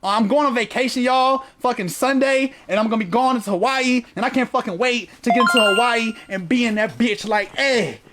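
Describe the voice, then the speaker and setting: A man's voice: extremely high pitch, fairly quick, few pauses, very noisy. A man hosting a livestream in casual chat, slangy and profane, reading viewer comments aloud. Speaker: livestream host.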